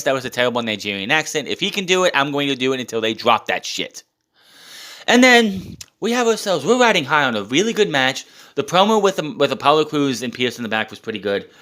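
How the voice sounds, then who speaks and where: A man's voice: mid-range voice, a bit bright. A man recapping a show in a casual, blunt and sarcastic way, with swearing and filler words. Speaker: wrestling show reviewer.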